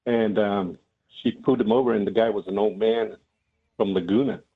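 A comedian calls in and tells his story slowly, pausing on ums and restarts. His voice is gravelly and husky. It comes over a thin, tinny phone line. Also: on the low side, fairly even intonation. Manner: hesitant, lots of ums. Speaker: comedian guest. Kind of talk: storytelling on a call-in show. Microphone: telephone.

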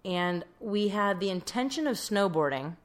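A young woman co-hosts a podcast in easy, casual conversation. She tells stories with plenty of filler words in a mid-pitched voice. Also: lively intonation, normal speed. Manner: chatty storyteller, frequent "like" fillers. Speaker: podcast co-host. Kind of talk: casual chat.

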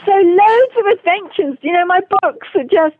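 A woman's voice: extremely high pitch, moderate pace, slight background noise. English woman telling stories over a tinny phone line. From England. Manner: animated storyteller who acts out quoted voices. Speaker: guest, author and long-distance horse rider. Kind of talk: casual storytelling interview.

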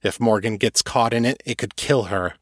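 A man's voice: lowish voice, normal speed, no echo, studio quality, natural voice. A man voicing a tough woman investigator in an audiobook, giving curt, commanding orders in a slightly lifted voice.

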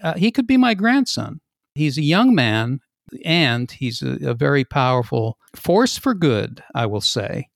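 Older male host, gravelly, dry and close, jokey and meandering. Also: mid-range voice, very animated, unhurried, no echo. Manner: joking, rambling with restarts. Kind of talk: casual interview chat.

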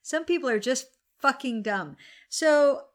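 Woman in her 40s, podcast host, kinda high voice, blunt and grumpy, swears a lot. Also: lively intonation, measured pace. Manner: candid, grumbling, swears freely. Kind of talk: casual chat over wine.

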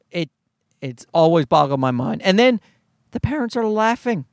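A man with a high, lively voice rambles through a comic story as a podcast host. He swears freely and keeps a sarcastic edge. The sound is close and dry. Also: normal speed, creaky, dry recording. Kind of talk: comedic storytelling monologue.

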